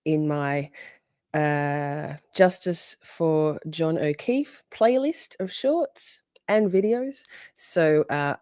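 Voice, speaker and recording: A woman hosting a live stream, chatty and excitable, often exclaiming as she reacts. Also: low-pitched, no room sound, clean studio sound. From Australia. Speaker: livestream host. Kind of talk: casual live-stream chat.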